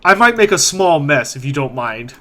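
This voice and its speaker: A man's voice: fairly high pitch, very animated, normal speed, bright, forceful tone. A man voicing a towering, stern interrogator who questions sharply.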